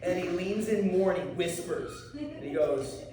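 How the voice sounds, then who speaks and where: A martial arts instructor talking casually to a class of students, often checking in with "okay?" and "right?". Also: male voice, a little high, quick pace, background noise. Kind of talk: anti-bullying talk to a class. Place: school room with students. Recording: echoey room, mic far off.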